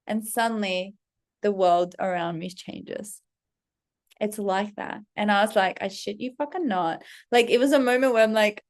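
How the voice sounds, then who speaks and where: A woman telling a casual story in a vlog, animated and swearing constantly as she acts out her own reactions. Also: medium pitch, moderate pace. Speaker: vlogger, self-leadership coach. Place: Paris.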